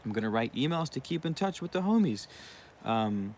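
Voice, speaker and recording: A man's voice: mid-range voice, sing-song, moderate pace, a little mellow, slight background noise. A young man hosting his own channel, talking in a rambling, casual monologue with frequent swearing and asides. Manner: profane, rambling, uses you know what I mean often. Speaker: channel host.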